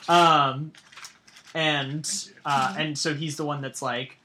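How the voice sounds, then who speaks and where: Bright-voiced woman chatting about a movie. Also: low-pitched, takes it slowly, slight background noise. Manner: relaxed, laughs often, many fillers. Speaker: podcast co-host. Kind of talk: casual chat.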